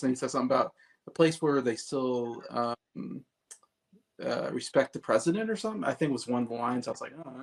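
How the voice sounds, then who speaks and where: A man's voice: mid-range voice, creaky. A man co-hosting an album review, chatting casually in a rambling, hesitant way with many restarts. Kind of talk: casual chat.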